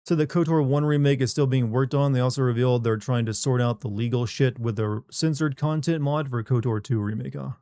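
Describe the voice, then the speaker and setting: A man's voice: medium pitch, fairly even intonation, brisk, hardly any pauses, warm tone, dry recording, clean studio sound. A man hosting a livestream, chatting casually and wryly, rambling while he reads chat aloud. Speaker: livestream host. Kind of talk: casual post-stream chat.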